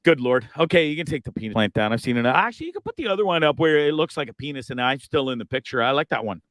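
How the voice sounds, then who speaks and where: A man hosting a livestream, rambling through casual comedic chat with an animated manner and crude jokes. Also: mid-range voice, rapid-fire, no room sound. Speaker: livestream host.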